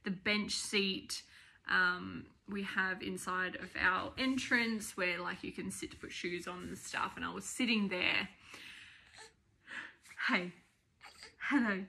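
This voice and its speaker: A young Australian woman tells a personal story to camera in a loose, chatty vlog style. Her voice is bright and forward, and she rambles from one aside to the next. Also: mid-range voice, fairly even intonation, slow, creaky, long pauses. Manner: chatty and rambling, often breaks off to talk to her baby and dogs. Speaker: vlogger.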